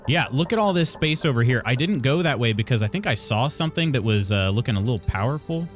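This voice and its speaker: A man's voice: mid-range voice, lively intonation, fast talker, faint music behind. A man from Illinois casually chatting while streaming a video game, reading chat aloud and laughing often.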